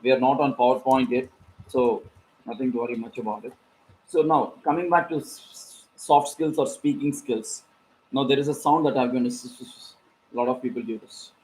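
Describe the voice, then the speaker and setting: A man with an Indian English accent giving an online soft skills lecture to students, animated and rhetorical, with repeated questions for emphasis. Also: medium pitch, moderate pace, slight background noise, rough recording. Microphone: video call.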